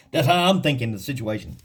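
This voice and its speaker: A man with a mid-range, slightly rough voice and lively intonation teaches the Bible through casual, homespun storytelling. He laughs frequently and reads the scripture slowly and with deliberation.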